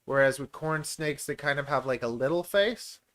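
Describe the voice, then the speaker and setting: This Canadian man breeds reptiles and hosts his own channel, here running a casual live-stream Q&A. His voice is fairly high and fairly bright, expressive, at a moderate pace. He rambles, pokes fun at himself, and fills the gaps with plenty of filler words.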